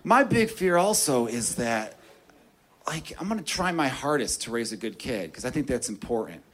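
A man's voice: medium pitch, very animated, moderate pace, fairly bright tone, slight background noise. A man doing brash, self-mocking stand-up comedy and laughing at his own lines. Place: comedy club. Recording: club with audible crowd.

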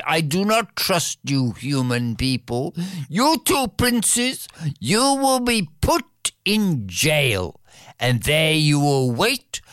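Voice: mid-range voice, a bit bright, dry recording, clean studio sound, heavily acted. A storyteller voicing a proud, menacing peacock king who speaks in grand threats, in a told folktale. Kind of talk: told folktale, acted dialogue.

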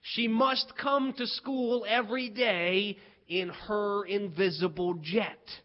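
A man's voice: sits high, fairly even intonation, slow pace, highs cut off. A man voicing an earnest schoolboy who lays out wild theories step by step. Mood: earnest explaining. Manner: insistent, explaining step by step.

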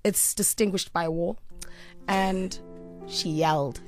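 A woman's voice: on the low side, steady tone, takes it slowly, darkish tone, faint music behind. A woman on a radio show, telling a story with animation, acting out the quotes and laughing. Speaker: radio co-host.

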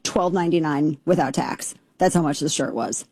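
A brash woman hosts a talk radio show, her sarcastic commentary in a dark, husky voice. The studio sound is dry and close. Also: sits low, no room sound. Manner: brash, sarcastic, fast-shifting.

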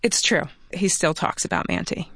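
A man speaking as an interview guest, telling a personal story in a relaxed conversational way, with quick asides. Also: fairly high pitch, vocal fry, no room sound, clean studio sound.

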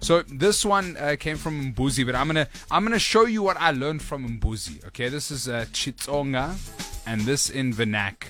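A man's voice: medium pitch, moderate pace, a bit bright, faint music behind. Playful radio host man. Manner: playful, self-mocking, stumbling. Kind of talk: casual radio banter. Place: radio studio. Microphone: studio mic.

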